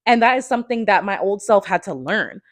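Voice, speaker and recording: A woman in her twenties giving an emphatic, fervent motivational talk into a phone, often tagging her points with a quick question. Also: medium pitch, animated, no echo. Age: 20s. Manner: emphatic and fervent, tags lines with "okay?". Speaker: motivational speaker.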